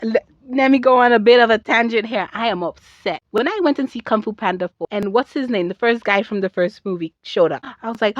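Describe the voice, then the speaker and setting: A sassy woman rants to her camera in a lively, chatty way and wanders off on tangents. The sound is dull and lo-fi, with a dry, close feel and no room echo. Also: a little high, moderate pace. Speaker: video creator and artist. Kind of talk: casual rant to camera.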